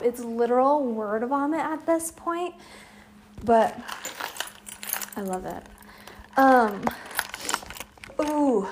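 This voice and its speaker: Unhurried young female vlogger, chilly outdoors, giggly and whispery, slightly high, faint noise behind. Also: animated. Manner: rambling, giggly, drifts into whispers. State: cold. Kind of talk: rambling casual monologue.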